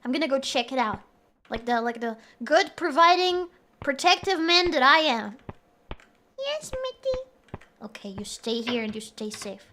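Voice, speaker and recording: A woman's voice: high-pitched, lively intonation, normal speed, pushed and bright, a little hiss or hum. A woman streamer giving casual, playful commentary while she plays a horror game and jokes with her chat. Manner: playful, jokey, talks to chat.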